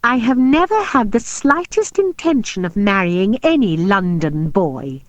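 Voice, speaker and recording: A woman's voice: mid-range voice, sing-song, a little slow, dry recording. A woman voicing a demure, teasing young girl who speaks with prim deliberation.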